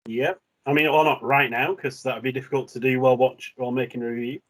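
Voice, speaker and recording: A man's voice: medium pitch, steady tone, fast talker, fairly bright tone. A man as a guest in a casual chat, hesitant and blunt with many fillers.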